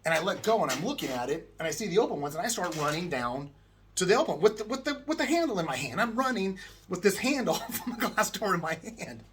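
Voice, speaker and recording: A man's voice: sits high, fast talker, a little hiss or hum. A middle-aged man from the United States, telling a travel story casually and acting out the people in it. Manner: animated, acts out voices of people in the story.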